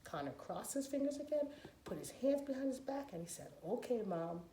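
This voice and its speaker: A woman telling a story to preschoolers in an expressive, playful, sing-song way. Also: high-pitched, a little fast, slight background noise. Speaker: children's storyteller. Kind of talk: animated preschool story time. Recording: roomy echoey room, faint ambience.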